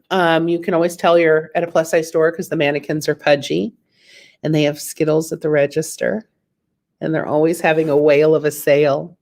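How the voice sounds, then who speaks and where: A woman doing a chatty, self-deprecating stand-up comedy set over a video call, with lots of fillers. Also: sits low.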